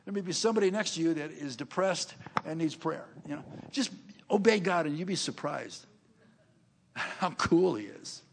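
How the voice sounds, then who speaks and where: A man's voice: on the high side, gravelly, a little hiss or hum. An older man preaching a sermon, telling stories in a chatty way, laughing between lines and acting out the people he quotes. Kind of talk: sermon storytelling.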